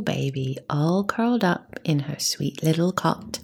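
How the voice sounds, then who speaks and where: A woman narrating a children's story, often in a soft half-whisper with playful emphasis and a breathy, husky voice. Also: low voice, animated, measured pace, few pauses.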